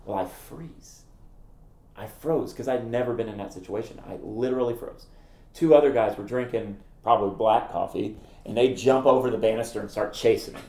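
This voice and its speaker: Low, mellow man telling stories. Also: moderate pace, echoey room. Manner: animated, acts out quoted voices, laughs at himself. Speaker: ministry founder and former campus minister. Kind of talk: conversational interview storytelling.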